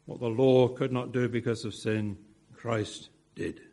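Slow, husky-voiced male preacher. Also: mid-range voice, fairly even intonation, warm tone. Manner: measured, emphatic phrasing with rhetorical asides. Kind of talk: expository sermon.

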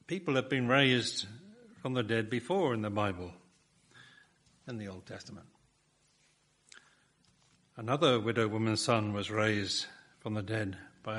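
A man's voice: on the low side, a bit bright. A man preaching a sermon, building his points with rhetorical questions and emphatic repetition.

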